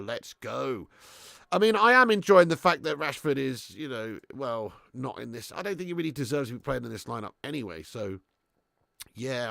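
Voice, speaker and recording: A man's voice: mid-range voice, vocal fry, no room sound, clean studio sound. A young man hosting a live football watch-along, commenting on the match, reading out viewers' messages and swearing freely. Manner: excitable, swears, reads viewer messages aloud.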